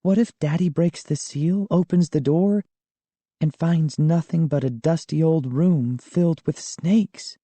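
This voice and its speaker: A fretful young girl, anxious and pleading, as a male reader raises his voice for her. Her soft voice sits higher than the narrator's, in a close, dry storybook recording. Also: unhurried, no room sound. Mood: worried.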